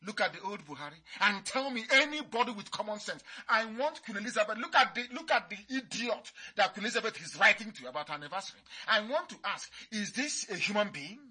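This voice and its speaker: A man's voice: sits high, animated, fast, few pauses, sharp tone, breathy edge. A man giving a fiery, mocking radio address, repeating his points. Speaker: radio broadcaster.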